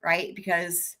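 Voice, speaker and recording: A woman's voice: lowish voice, sharp tone. A woman hosting a livestream, giggly and profane as she rambles in casual commentary. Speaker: livestream host. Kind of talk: casual commentary on trial clips.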